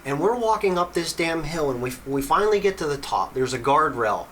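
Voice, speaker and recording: A man in his thirties, a podcast host, telling a long story in an animated, casual way and swearing freely. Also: fairly high pitch, brisk, slight background noise, low-quality recording.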